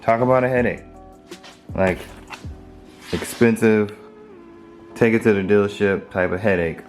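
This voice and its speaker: A man's voice: lowish voice, measured pace. A man giving a casual, chatty how-to walkthrough for his car channel, talking loosely while he works with his hands and films on a handheld phone. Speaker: car DIY vlogger. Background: music playing.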